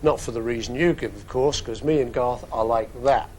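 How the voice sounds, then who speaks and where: A man's voice: medium pitch, moderate pace, darkish tone, a little hiss or hum, rough recording. A man in his fifties with a Liverpool accent answers fan questions in a casual studio webcast, chatty and joking with wandering asides. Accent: Liverpool English. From England. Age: 50s.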